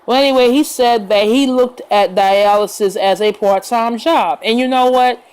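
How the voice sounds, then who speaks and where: A woman vlogger talking to the camera in a casual, earnest and reassuring way, unhurried, with fillers and pauses. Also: fairly high pitch, darkish tone, poor audio.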